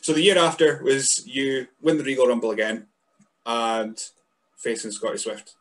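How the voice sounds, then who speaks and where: A man's voice: mid-range voice, flat delivery, normal speed. A man from Scotland hosting a podcast interview, asking rambling questions full of restarts. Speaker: podcast host. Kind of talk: casual interview.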